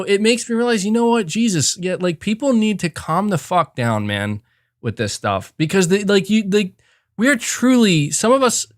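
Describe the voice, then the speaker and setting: A man hosts a live podcast, talking loosely to his chat with many fillers, restarts and asides. His fairly high voice swoops in a lively way, and the close mic sound is dry with no room echo. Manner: rambling, self-reflective, frequent fillers and restarts. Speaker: podcast host. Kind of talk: casual livestream chat.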